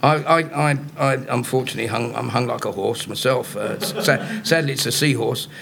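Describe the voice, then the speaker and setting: A man's voice: medium pitch, brisk, gravelly, heavy background noise. A male comedian, guesting on a live podcast and telling anecdotes, laughing through his own punchlines. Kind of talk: anecdotal storytelling. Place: live podcast show in front of an audience.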